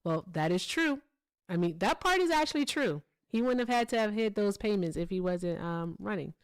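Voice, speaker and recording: A woman's voice: medium pitch, animated, moderate pace, smooth, no room sound. A woman hosting a live political call-in stream, pressing a caller with pointed questions. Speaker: host.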